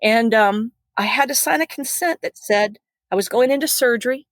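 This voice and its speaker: A woman who works as a critical care nurse, telling a personal story in an earnest, animated way as a podcast guest. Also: a little high, normal speed, dry recording.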